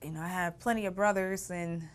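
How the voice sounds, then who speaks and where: A woman's voice: lowish voice, steady tone, a little fast. A middle-aged woman telling her family story in an interview, reflective and often laughing through painful memories. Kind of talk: personal storytelling.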